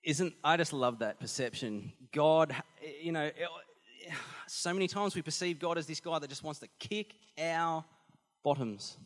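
A man preaching a sermon, animated and emphatic, often repeating phrases for effect. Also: a little high, measured pace. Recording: long hall reverb.

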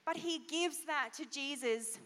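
Woman pastor, high crisp voice, animated, quizzing kids, reverberant church hall. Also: measured pace. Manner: animated, asks the kids questions. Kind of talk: children's sermon.

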